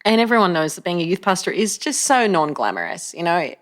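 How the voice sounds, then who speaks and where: Animated woman pastor telling stories. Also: fairly low pitch, fairly quick. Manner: animated, laughing, many restarts. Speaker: guest, co-lead pastor. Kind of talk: casual conversational storytelling.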